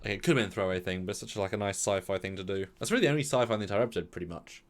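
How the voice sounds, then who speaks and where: A man's voice: lowish voice, very fast. A man co-hosting a review show, chatting casually and acting out quoted lines. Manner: chatty, repeats words, lively quoted asides. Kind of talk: casual episode review chat.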